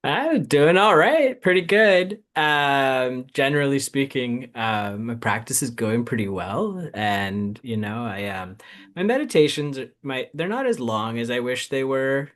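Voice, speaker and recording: Man, podcast co-host, casual chat, reflective, meandering, average pitch. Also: expressive, a little slow, fairly bright tone. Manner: reflective, rambling with many fillers. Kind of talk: casual conversation.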